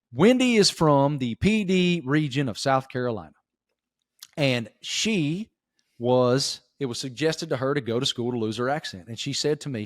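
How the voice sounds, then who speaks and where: A man's voice: medium pitch, no echo, studio quality. A man with a Southern Appalachian accent, from rural Virginia, talking as an interview guest in an emphatic, folksy way. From Giles County, Virginia. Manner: emphatic, folksy, calls host "bro" and "dude". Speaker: sports reporter, guest. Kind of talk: casual interview chat.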